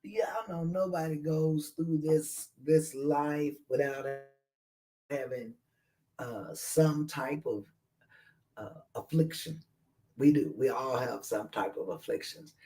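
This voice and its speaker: A man's voice: fairly high pitch, takes it slowly, mellow, low-quality recording. Earnest man hosting a faith radio show. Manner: earnest, encouraging, inviting listeners to share. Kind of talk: casual radio talk.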